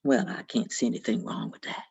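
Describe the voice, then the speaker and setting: A woman voicing a menacing but gullible male devil with a low whispery growl. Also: brisk, vocal fry, a little mellow, husky, no room sound, exaggerated voice. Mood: agreeable.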